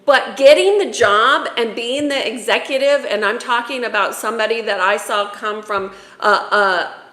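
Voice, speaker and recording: A woman's voice: a little high, moderate pace, a bit bright, reverberant. A woman spiritual coach giving a heartfelt, emotional talk about the soul, tearful at times.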